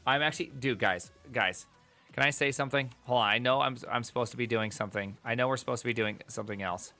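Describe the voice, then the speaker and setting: A man's voice: mid-range voice, fast, faint music behind. A man chatting casually on a live stream as he reads tech articles, rambling and joking with his chat. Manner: animated, jokey, rambling asides to chat.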